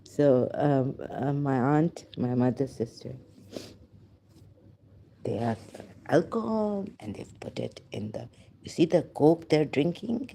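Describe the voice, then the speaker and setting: A woman's voice: sits low, slow, gravelly, pauses often, warm tone, slight background noise. A woman from Pakistan with a Pakistani accent, telling a rambling personal story, switching between English and Urdu, with many fillers and apologies. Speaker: vlogger.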